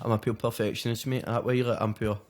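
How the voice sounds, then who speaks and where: A man's voice: mid-range voice, flat delivery, fast talker. Glaswegian man, sweary rambling chat. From Scotland. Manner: swears a lot, lots of fillers, rambling. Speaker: guest rapper. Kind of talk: casual podcast chat.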